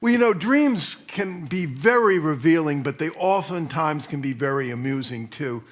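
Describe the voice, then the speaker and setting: A man's voice: on the high side, expressive, moderate pace. A man who is a pastor, preaching a sermon in a conversational, storytelling way, often restarting and repeating words.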